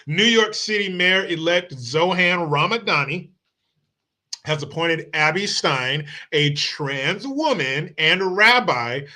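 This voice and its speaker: A man hosts his own stream and rants in a casual, mocking, combative way, full of profanity. His voice is bright and forward. It also sits a little high for a man. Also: lively intonation, slow pace. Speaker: political commentary host. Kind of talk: casual political rant. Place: home streaming setup.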